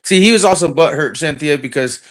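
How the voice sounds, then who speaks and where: Male host, high voice, blunt, profane, conversational. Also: animated, brisk. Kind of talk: casual chat.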